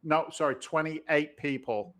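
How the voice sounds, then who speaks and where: A man's voice: a little high, a little slow, a bit bright. A man co-hosting a talk show, chatting casually and telling stories with teasing banter. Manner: joking, storytelling, teasing banter. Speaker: podcast co-host. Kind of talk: casual chat.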